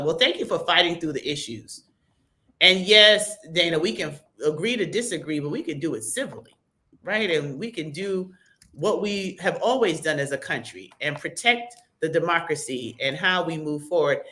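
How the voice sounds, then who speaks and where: A woman hosts a live broadcast, chatting casually and greeting viewers by name. Her voice is bright and forward, and she keeps a lively, conversational flow. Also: fairly low pitch. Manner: lively, conversational, reads chat shout-outs. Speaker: livestream host. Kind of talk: casual livestream chat.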